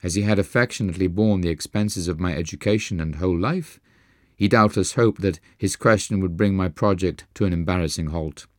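A man narrating a memoir as an audiobook, with an earnest, measured reading. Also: low voice, no echo, studio quality.

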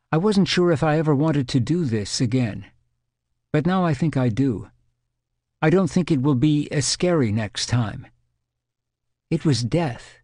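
A man reading an audiobook, voicing a frightened woman in her thirties who recalls a terrifying experience in halting, earnest words. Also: medium pitch, darkish tone, no room sound, clean studio sound, pitched above the performer's own voice. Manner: shaken, halting, earnest recollection.

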